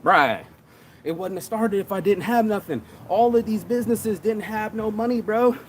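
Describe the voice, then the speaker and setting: A middle-aged man hosting a morning motivation show, talking fast and profane, calling everyone "bro". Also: high voice, a little hiss or hum. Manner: profane, energetic, says "bro" a lot. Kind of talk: fired-up casual motivational rant.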